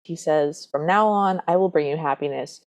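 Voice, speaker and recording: A woman with a deep voice, speaking at normal speed, co-hosts a podcast in a casual chat. Working from her notes, she retells a movie's plot and tosses in dry, wry asides.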